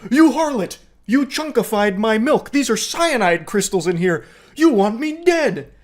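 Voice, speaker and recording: Guy putting on a screechy paranoid dude yelling that his gf poisoned him, super high and loud. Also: animated, unhurried. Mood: hysterical. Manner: hysterical yelling. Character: paranoid, shrieking middle-aged man accusing girlfriend.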